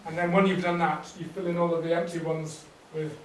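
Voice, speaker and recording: A man leading a teacher workshop, explaining teaching ideas in a relaxed way with fillers and restarts. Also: on the high side, a little fast, noisy background. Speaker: workshop trainer. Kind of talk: teacher training talk. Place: workshop room. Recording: echoey room, distant mic.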